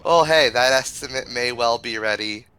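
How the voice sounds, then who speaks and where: A man's voice: medium pitch, normal speed, sharp tone, clear, resonant tone. A man co-hosting a charity gaming stream, teasing his partner and laughing often. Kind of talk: casual livestream banter.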